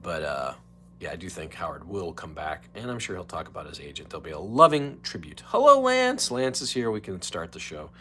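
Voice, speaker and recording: A man's voice: low voice, animated, brisk, bright, forceful tone, a little hiss or hum. A man hosting a casual solo live stream, chatting in a rambling way and dropping into mock whispers and voices.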